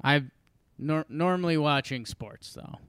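This is a young man in a casual two-person chat. His voice sits a bit high and comes through smooth and clean with no room sound around it. He tells stories with energy and throws in quick jokes. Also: dry recording. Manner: animated storyteller, jokey, quick asides. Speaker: podcast co-host.

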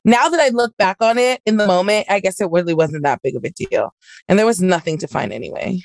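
Animated woman telling a story, dry sound. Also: medium pitch, quick pace, vocal fry, dry recording. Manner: animated storytelling, acting out both sides. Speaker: podcast co-host. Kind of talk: casual chat.

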